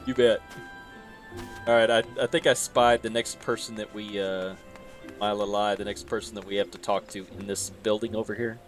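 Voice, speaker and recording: A man's voice: on the low side, little pitch movement, moderate pace. A man co-hosting a game stream, chatting casually, teasing his partner and laughing often. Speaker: streamer and co-host. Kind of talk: casual gaming chat. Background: video game music.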